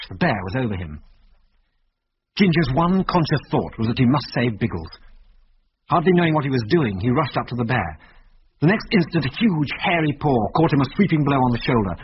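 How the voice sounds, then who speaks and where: A man tells an adventure story in a measured, vivid way. His pitch rises and falls lively. The sound is dull and lo-fi, with a faint hiss like an old radio recording. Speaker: narrator. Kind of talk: dramatic reading of an adventure story.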